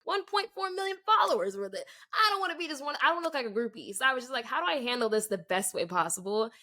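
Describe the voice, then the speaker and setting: A young adult woman co-hosting a podcast tells a story in casual chat, her voice high and her pace quick. She's animated, acting out the quoted dialogue and sprinkling in plenty of "like."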